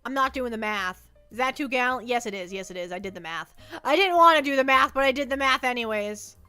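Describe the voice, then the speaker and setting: A woman's voice: fairly high pitch, lively intonation, fairly quick, pushed and bright, clean tone, soft background music. A woman livestreaming from her desk at home, chatting playfully and rambling as she reads chat messages aloud.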